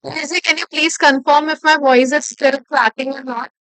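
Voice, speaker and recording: High-voiced woman teaching a live class. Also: fairly even intonation, normal speed, a bit bright, dry recording. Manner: explains step by step, repeats key phrases, checks in with "okay". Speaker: instructor. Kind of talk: live online lecture.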